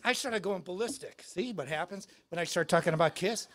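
A man giving a live guitar clinic in a music store, telling stories in an animated, excitable way. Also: high-pitched, fairly quick.

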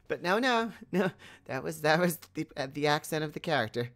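A woman's voice: low voice, animated, a little fast. A woman hosting a building video, chatting casually and thinking aloud, with frequent small laughs. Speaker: host.

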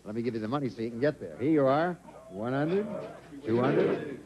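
A man hosting a quiz show in a TV studio, joking with contestants and reading questions briskly. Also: medium pitch, animated, a little mellow. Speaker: game show host. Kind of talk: quizmaster patter. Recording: dull, noisy old TV audio.

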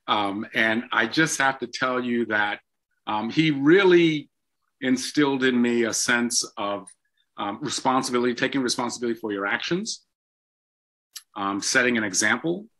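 Bright-voiced older man telling stories. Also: mid-range voice, normal speed. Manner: animated storyteller with frequent ums. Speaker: interview guest. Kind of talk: storytelling in an interview.

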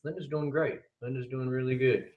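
Laid-back guest in an echoey room. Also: male voice, medium pitch, fairly even intonation, fairly quick, narrow, tinny audio. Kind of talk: casual live chat.

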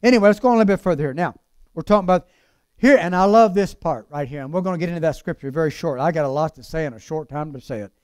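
A man preaching a sermon with passion, drawing out key words slowly and then rushing through quick asides. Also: a little high, darkish tone, smooth, no echo, clean studio sound. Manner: impassioned, swings between slow emphatic lines and fast asides.

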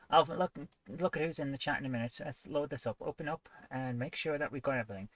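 A woman's voice: deep voice, lively intonation, fast talker, no room sound. A woman hosting a live game coding stream, chatty and playful, often joking at her own expense. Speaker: host.

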